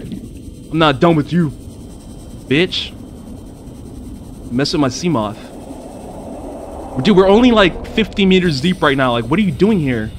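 Young dude playing a scary underwater game, kinda high voice, swears constantly and freaks out, quiet game sounds in the back. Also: male voice, lively intonation, unhurried, pauses often, slight background noise. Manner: jumpy, swears a lot, yelps and panics at creatures. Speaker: gamer. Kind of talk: let's play commentary.

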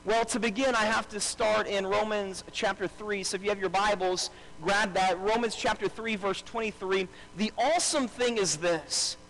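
A man's voice: high-pitched, moderate pace, few pauses, fairly bright tone, a little hiss or hum, low-quality recording. A male pastor preaching a live sermon to a congregation, repeating key phrases for emphasis and calling on the crowd to answer back. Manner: calls out to the congregation and asks for responses. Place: church service before a congregation.

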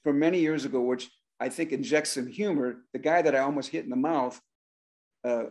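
An older man, a drummer, telling an animated story on a talk show and acting out the voices of the people in it. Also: medium pitch, a little fast. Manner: animated, acts out voices and shouts in his stories. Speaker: guest drummer.

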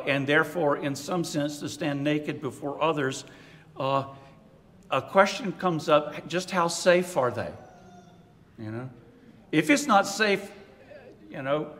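An older man, a priest, giving an unscripted retreat talk in a conversational, reflective way, pausing on fillers and chuckling softly. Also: a little high. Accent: American Southern. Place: large conference hall. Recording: long-reverb hall.

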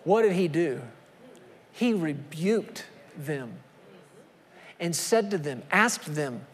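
High-voiced preacher in a reverberant church. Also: male voice, lively intonation, slow pace, pauses often. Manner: emphatic, rhetorical questions to the congregation. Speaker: pastor. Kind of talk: sermon. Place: church sanctuary. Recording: long reverb of a church hall.

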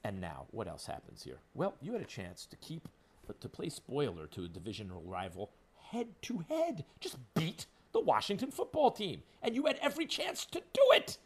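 A man's voice: medium pitch, wildly swooping pitch, normal speed, husky. A man hosting sports talk radio, ranting with sarcasm and heat. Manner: emphatic, sarcastic, heated.

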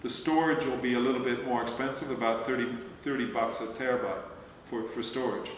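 Male presenter, mid-pitch, hesitant Q&A delivery; reverberant hall, faint hiss. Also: fairly even intonation, brisk, far from the mic. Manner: hesitant, many restarts and fillers. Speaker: presenter answering audience questions. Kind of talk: talk Q&A at a meetup. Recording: echoey hall with faint noise.

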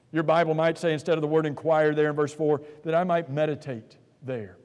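A man's voice: on the high side, fairly quick, few pauses, darkish tone. A man preaching an earnest sermon in a church, asking rhetorical questions and often repeating words as he starts a thought. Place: church sanctuary. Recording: long church-hall reverb.

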